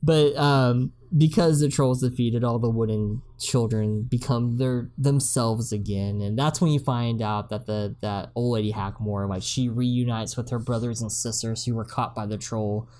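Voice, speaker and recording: Deep-voiced woman rambling through a movie recap. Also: fairly even intonation, moderate pace, few pauses, dark tone. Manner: rambling, with many fillers and laughs. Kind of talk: casual chat recapping a movie.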